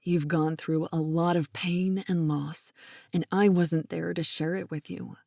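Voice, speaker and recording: A woman voicing a smitten grown man in a romance audiobook, speaking low, soft and affectionate. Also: steady tone, measured pace, gravelly, dry recording, clean studio sound. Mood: tender. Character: smitten man in his thirties, tender, playful.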